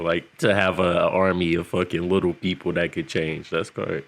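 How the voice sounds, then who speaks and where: A man's voice: low voice, moderate pace, few pauses. A man co-hosting a casual podcast, chatting about an episode, laughing often and acting out characters' lines. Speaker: podcast co-host. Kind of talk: casual show recap chat.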